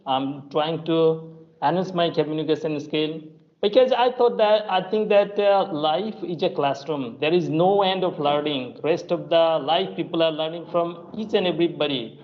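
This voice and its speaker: A man's voice: a little high, normal speed, muffled recording. A man with an Indian English accent, an English tutor chatting casually and hesitantly, with many fillers and restarts. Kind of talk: casual conversation practice.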